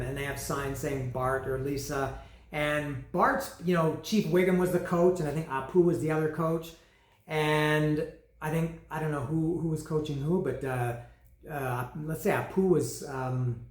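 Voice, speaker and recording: A man's voice: fairly high pitch, roomy sound. A man giving a casual, rambling album review, often restarting his sentences and poking fun at his own explanations.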